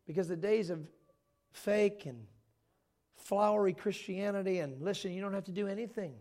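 A man preaching a sermon in a church, telling stories with jokes in an animated way. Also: sits high, normal speed.

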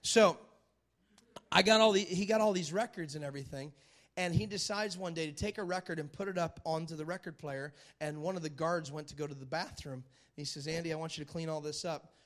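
A man's voice: on the high side, fairly quick. A man preaching a sermon who retells a film story with dramatic energy, repeats phrases for emphasis and keeps asking the listeners whether they are following him. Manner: animated, dramatic storyteller who asks the crowd for agreement.

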